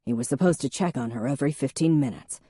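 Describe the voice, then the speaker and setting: A woman's voice: extremely low pitch, quick pace, slightly rough, dry recording. A woman doing a dry, patient male police chief. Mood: steady, reassuring. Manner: deadpan, patient stare in the voice.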